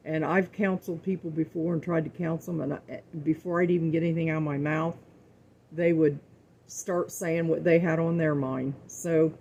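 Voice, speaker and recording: A woman's voice: sits low, steady tone, moderate pace, warm tone, a little hiss or hum. A middle-aged woman hosting a home cooking show, talking earnestly and folksily to her viewers about faith and repeating words for emphasis. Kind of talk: casual faith-filled talk to viewers.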